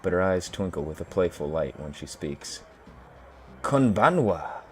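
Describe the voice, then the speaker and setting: A man's voice: rumbling low, fairly even intonation, moderate pace, darkish tone, a little hiss or hum. A man hosting a gaming video, chatting casually and reading game text aloud in a laid-back way. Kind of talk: casual let's play commentary and reading.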